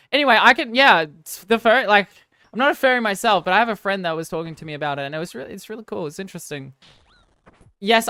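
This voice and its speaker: A woman's voice: mid-range voice, a bit bright, clear, resonant tone, no room sound. A woman streamer chatting casually with viewers, rambling and apologizing in a self-deprecating way.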